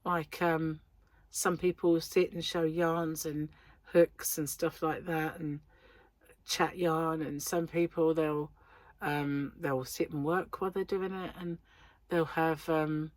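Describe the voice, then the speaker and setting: Speaking slowly in a low-sitting voice with fairly even intonation, this crochet vlogger from England rambles through a casual chat full of ums. Her throat is still slightly sore, and the recording is dry.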